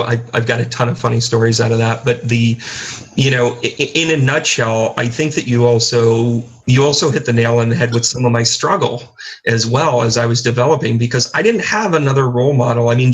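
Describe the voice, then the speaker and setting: A middle-aged man speaks at an ordinary pitch, chatting as a guest on a talk show. He rambles through his stories, stopping and restarting often with fillers. His delivery is relaxed and conversational. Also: a little fast, slightly rough, poor audio. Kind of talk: casual interview talk.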